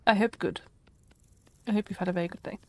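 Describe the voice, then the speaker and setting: A woman with a medium, steady voice talks fast while streaming a survival game. She chats with viewers, talks herself through tasks, and laughs often.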